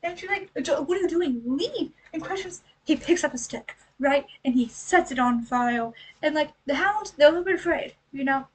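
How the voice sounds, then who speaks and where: A woman giving a casual book recap, chatty, full of rhetorical questions and quick acted-out asides. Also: sits high, expressive, far from the mic, rough recording.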